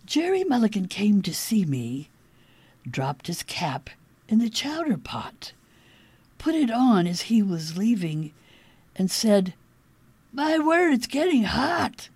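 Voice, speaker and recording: A woman reads children's verse slowly and playfully, her breathy voice rising and falling through a lively range. She drops into whispers at times, and the sound is dry and close. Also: mid-range voice, dry recording. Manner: unhurried and playful, with dips into whispers. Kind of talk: reading children's verse aloud.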